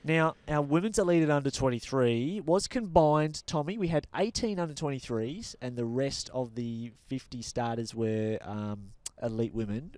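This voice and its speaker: An Australian man co-hosting a cycling show, talking in an energetic, chatty way with lots of fillers. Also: mid-range voice, moderate pace, few pauses, no room sound. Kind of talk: casual sports chat.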